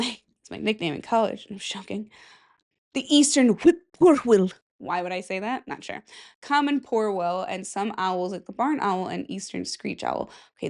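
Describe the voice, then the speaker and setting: A woman's voice: mid-range voice, a little mellow. A woman in her thirties hosting a casual solo podcast, rambling and chatty and swearing freely. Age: 30s. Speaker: podcast host.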